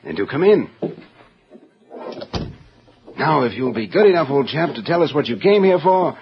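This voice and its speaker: A cold scheming swindler. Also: male voice, expressive, normal speed, slight background noise. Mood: posh. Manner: switches between posh airs and low menace. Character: cold scheming male swindler posing as gentleman. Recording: dull 1940s radio broadcast.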